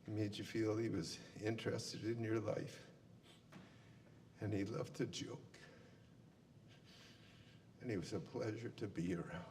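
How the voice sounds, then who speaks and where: A man's voice: lowish voice, steady tone, unhurried, pauses often, a little mellow. A man giving a funeral eulogy, telling folksy stories with plenty of fillers. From Canada. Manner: folksy storyteller with many fillers. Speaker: eulogy speaker. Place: funeral service hall. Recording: long hall reverb, faint room noise.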